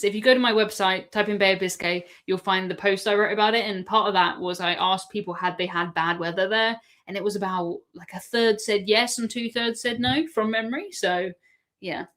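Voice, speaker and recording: Brief: English woman, chatty live-stream host, mid-pitched, laughs easily. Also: fairly bright tone. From England. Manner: chatty, answers viewer questions, laughs often.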